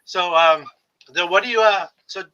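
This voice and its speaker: A chatty man with a bright, tense voice sitting a little above the usual male pitch. He hosts a relaxed book chat over a video call and laughs often. The sound is somewhat dull and lo-fi. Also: normal speed, clean tone. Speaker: podcast host. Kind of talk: casual chat.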